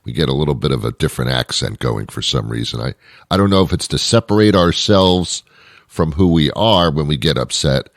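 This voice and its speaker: A man's voice: extremely low pitch, lively intonation, brisk, no echo, clean studio sound. A man hosting his own show, delivering a rambling comic monologue full of wry asides and self-interruptions. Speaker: show host. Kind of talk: comedic monologue.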